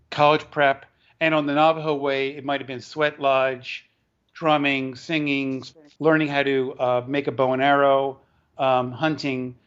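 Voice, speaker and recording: A man, an author and educator, tells a long story as an interview guest, halting often and restarting his words. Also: a little high, a bit bright, clear, resonant tone. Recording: dull lo-fi recording.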